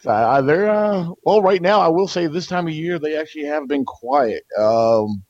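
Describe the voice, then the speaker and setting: A man's voice: a little high, animated, slow, no echo, dull audio. A man guest on a radio talk show, answering casually and rambling, with lots of fillers and restarts. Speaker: guest, researcher.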